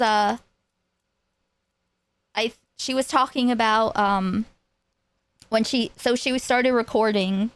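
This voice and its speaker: A woman's voice: medium pitch, no room sound. A woman streamer casually retelling online drama, rambling and restarting her sentences. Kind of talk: casual reaction commentary.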